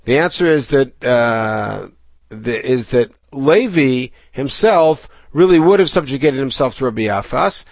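Male Talmud teacher, gravelly voice, reads Aramaic text and translates it as he goes, dry close recording. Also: mid-range voice, expressive, a little slow, dry recording. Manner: reads Aramaic text aloud then explains it in English, with frequent restarts.

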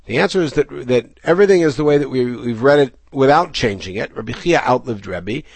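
A man's voice: medium pitch, lively intonation, brisk, husky, dry recording. A man teaching a Talmud class, reading Aramaic passages aloud and then explaining them in English with frequent restarts.

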